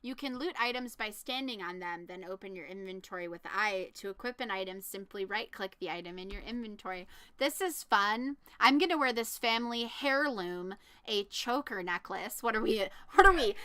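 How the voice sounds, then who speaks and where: A woman streams a game live, chatting casually and reacting excitedly to each new thing. Her voice is bright, with a middle pitch.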